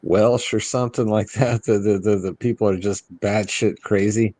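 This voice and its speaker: Call-in caller, man, blunt, dark and dry sound. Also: fairly low pitch, fairly even intonation, normal speed, no echo. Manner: blunt, swears freely. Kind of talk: casual call-in chat.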